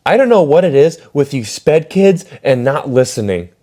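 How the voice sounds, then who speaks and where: A man's voice: fairly low pitch, fairly even intonation, moderate pace, a little mellow, natural voice. A young man quoting a snippy, scolding female music teacher in a casual storytime retelling. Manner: scolding, indignant.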